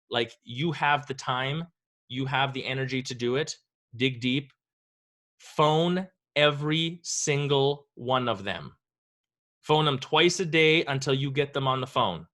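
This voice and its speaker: A man presenting a business coaching webinar, talking casually and with energy. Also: mid-range voice. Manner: energetic, casual and conversational, acts out quoted voices.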